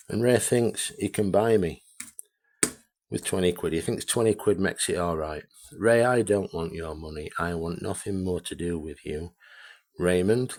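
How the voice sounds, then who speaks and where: Man with a very deep voice for a blunt, profane vlog rant. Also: darkish tone. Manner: blunt, heavily profane, repetitive. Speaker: amateur radio vlogger. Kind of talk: ranting video monologue.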